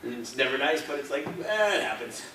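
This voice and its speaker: A man's voice: medium pitch, fast, sharp tone, a little hiss or hum. A man telling chatty anecdotes as a guest on a convention panel. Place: convention hall. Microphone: filmed from audience seating. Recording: echoey hall from far off.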